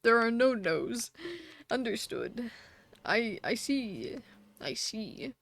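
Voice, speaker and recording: A woman's voice: a little high, very animated, slow, creaky. A woman live streamer chatting casually with her viewers, reading their comments and laughing often.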